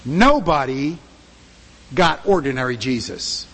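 A male pastor delivers an emphatic sermon, firing rhetorical questions at his congregation. His voice runs high and swoops through a wide range of pitch, with a husky grain. Long reverb trails each phrase through the sanctuary. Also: wildly swooping pitch, a little slow, fairly bright tone.

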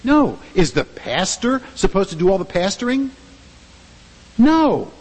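A male pastor delivers an emphatic sermon, firing rhetorical questions at his congregation. His voice runs high and swoops through a wide range of pitch, with a husky grain. Long reverb trails each phrase through the sanctuary. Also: lively intonation, brisk.

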